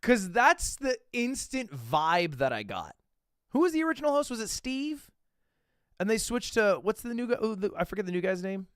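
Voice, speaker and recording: A young man in his twenties talks over a video he is watching on stream. His voice sits a little high and swings widely, from loud outbursts to low asides. The sound is dry and close to the mic. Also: normal speed, smooth, no echo. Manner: animated, swearing, jumps between loud outbursts and mutters. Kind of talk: casual reaction commentary.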